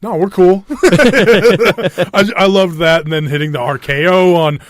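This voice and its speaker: A man's voice: high-pitched, slow, dry recording, studio quality. A man co-hosting a wrestling podcast in casual chat, laughing often and rambling. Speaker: podcast co-host.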